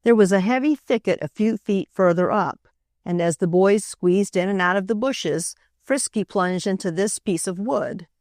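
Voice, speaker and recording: A woman narrating a classic children's storybook in a steady, clear reading voice. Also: medium pitch, normal speed, no echo, studio quality. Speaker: audiobook narrator.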